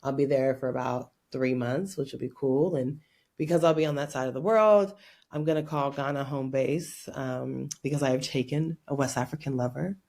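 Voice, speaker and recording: A woman from Oakland, California, a podcast guest telling stories in an animated, playful way and laughing often. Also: a bass voice, moderate pace. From Oakland, California, USA. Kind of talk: casual interview chat.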